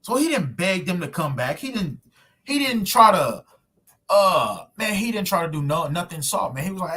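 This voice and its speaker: A man delivers a sermon to camera in a loose, emphatic street manner, firing off rhetorical questions. His voice sits a little high and has a husky, rough-edged tone. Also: sing-song, moderate pace, pushed and bright. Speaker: preacher. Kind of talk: street preaching sermon video. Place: at home recording himself with screen share.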